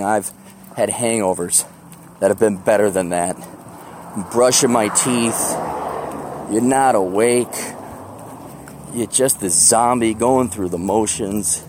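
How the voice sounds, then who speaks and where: A fairly low, darkish male voice speaks a little slowly with long pauses, against slight background noise. He's a podcast host doing a rambling walk-and-talk to the bus, casual and self-mocking, laughing frequently.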